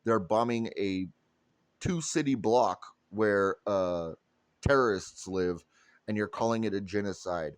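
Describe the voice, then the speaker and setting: A man's voice: on the low side, a little slow, clear, resonant tone, no room sound, studio quality. A man delivering a heated, profane political rant straight to his audience. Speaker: political commentator. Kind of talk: ranting monologue to camera.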